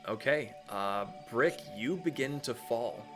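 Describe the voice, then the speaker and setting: A man's voice: medium pitch, animated, slow pace, fairly bright tone, faint music behind. A man narrating as game master of a tabletop game over a voice call, loose and casual, with fillers and the odd curse.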